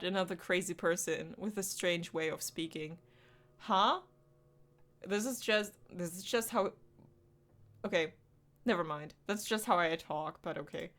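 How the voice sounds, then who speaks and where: A woman's voice: lowish voice, fairly bright tone. A woman giving casual let's play commentary as she plays a visual novel, with laughing asides. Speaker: game streamer.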